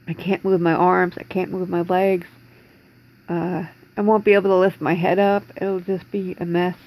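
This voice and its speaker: A woman's voice: lowish voice, little pitch movement, normal speed, darkish tone, poor audio. A woman in her forties talking in a rambling, distressed way in a personal video diary from home, holding back tears. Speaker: vlogger.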